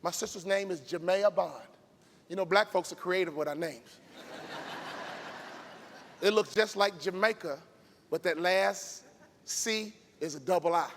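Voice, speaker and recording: Casting: high, gravelly male motivational speaker from Chicago, booming in a reverberant arena. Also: unhurried, pauses often. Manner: emphatic, preacher-like cadence with shouted peaks. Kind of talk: motivational keynote. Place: large event arena stage. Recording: long hall reverb from live arena.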